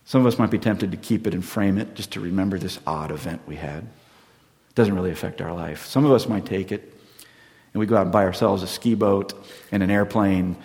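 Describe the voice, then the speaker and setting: A man preaching a sermon as pastor, telling a story that swings from loud emphasis down to near-whispers. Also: deep voice, a little fast. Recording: long hall reverb.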